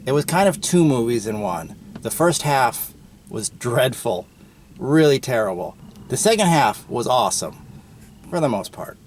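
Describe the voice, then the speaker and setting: A man's voice: mid-range voice, very animated, unhurried, slight background noise. A man hosting a podcast, giving a casual, opinionated movie review with frequent ums and uhs. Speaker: podcast host.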